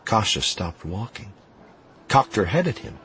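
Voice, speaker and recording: A man narrating an audiobook in a measured, steady storytelling voice. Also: a little hiss or hum. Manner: low, measured, even storytelling. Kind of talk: scripted narration. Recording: studio audiobook with music.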